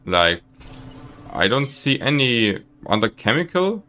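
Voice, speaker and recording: Animated streamer ranting at his chat. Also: takes it slowly. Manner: exasperated, ranting at chat with lively swings of pitch. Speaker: live streamer. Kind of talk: casual gameplay commentary.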